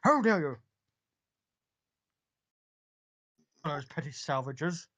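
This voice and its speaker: A man's voice: fairly high pitch, lively intonation, moderate pace, a bit bright. A man voicing a big, boisterous hippo-man mercenary who talks in a hearty, swearing, folksy way. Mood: indignant. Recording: dull lo-fi audio.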